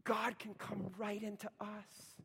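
A man delivers a sermon in a bright, high voice, building to loud emphatic peaks and then sinking to a near-whisper. His voice carries a long reverb from a large hall. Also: monotone, measured pace, husky. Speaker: pastor.

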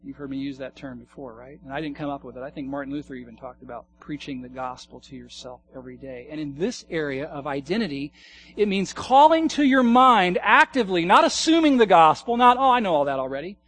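High-voiced pastor preaching earnestly. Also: male voice, animated, a little fast, slight background noise. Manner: earnest, wide swings from hushed to emphatic. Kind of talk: sermon.

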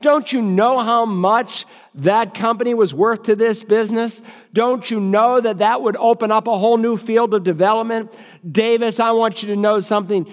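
A man's voice: high voice, fairly even intonation, moderate pace, in a large hall, voice pushed up, lightly acted. A man voicing a proud, hot-tempered male company boss who barks indignant orders. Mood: barking. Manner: barking, indignant.

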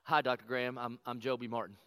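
A middle-aged man, a pastor, telling a personal story in a lively conversational sermon and acting out the quotes. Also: medium pitch, quick pace, clean tone, no echo. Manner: animated, conversational, acts out quotes.

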